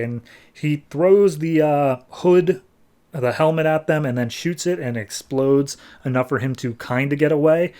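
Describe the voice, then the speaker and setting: A man's voice: a little high, unhurried, warm tone. A man hosting a podcast who retells a comic plot in a rambling way, full of "like". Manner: rambling, filler-heavy retelling. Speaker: podcast host. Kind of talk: casual comic book recap.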